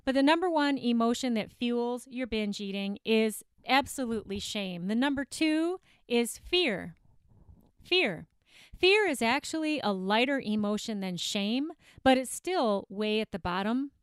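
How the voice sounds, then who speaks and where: A woman host talks straight to her listeners in a smooth, clear voice that sits a little high. She comes across chatty, emphatic and self-deprecating. The sound is close and dry, recorded in her home office studio. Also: lively intonation, measured pace, no room sound. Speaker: podcast host and eating coach. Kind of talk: solo podcast monologue.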